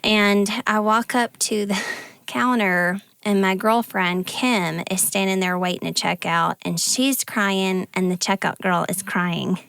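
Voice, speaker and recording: A woman's voice: medium pitch, steady tone, a little slow, creaky, a bit bright, clean tone, dry recording. A woman co-hosting a podcast, telling personal stories in a casual, chatty way with many fillers. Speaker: podcast co-host. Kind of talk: casual conversation.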